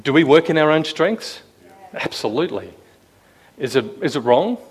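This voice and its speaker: With a fairly high, slightly rough, expressive voice, a man preaches at normal speed to a room full of listeners. He stays relaxed and conversational, keeps asking the crowd questions, and dramatizes quotes by raising his voice.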